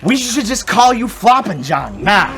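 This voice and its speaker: A man's voice: high voice, big pitch swings, unhurried, vocal fry. A man battle rapping live, taunting his opponent and repeating lines for the crowd. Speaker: battle rapper. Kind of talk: live battle rap performance. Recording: live event with loud crowd.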